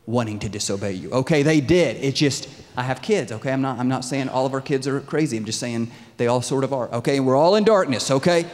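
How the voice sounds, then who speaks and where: A man in his thirties preaching a sermon in a lively, conversational way, often asking his audience questions. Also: on the high side. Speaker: pastor. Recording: long reverb in a large hall.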